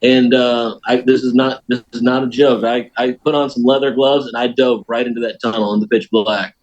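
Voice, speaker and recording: An American man, a podcast guest, telling a story in a folksy, animated way. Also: medium pitch, brisk, dull audio. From United States. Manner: animated storyteller, folksy, laughs at his own tale. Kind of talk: casual storytelling.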